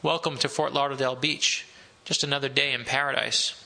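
Wry gravelly man reading from his novel. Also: mid-range voice, level tone, brisk, pushed and bright, low-quality recording. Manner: wry, self-deprecating. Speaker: author.

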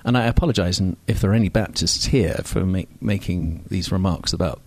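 An older man from Scotland speaks in polished received pronunciation, wry and self-mocking as he wanders through a personal story full of ums and asides. His voice sits low, and the sound is close and dry. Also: brisk, no echo. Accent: received pronunciation English. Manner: wry, digressive, self-mocking with many fillers. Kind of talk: storytelling talk. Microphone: microphone on stage.

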